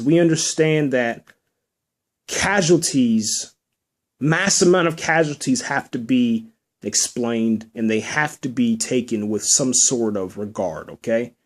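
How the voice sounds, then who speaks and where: A man with a fairly high voice talks alone into the mic as a podcast host. He is emphatic and emotional, circling back and repeating words as he presses his point. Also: darkish tone. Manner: emphatic, repeats himself when worked up. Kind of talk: solo spoken movie review.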